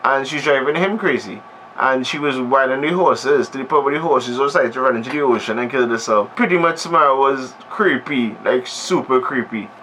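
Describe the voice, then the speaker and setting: A man's voice: medium pitch, normal speed, bright, forceful tone, a little hiss or hum, poor audio. A man giving a comedic movie recap, rambling and sarcastic, often cutting himself off mid-sentence. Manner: rambling, sarcastic, self-interrupting. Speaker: movie reviewer.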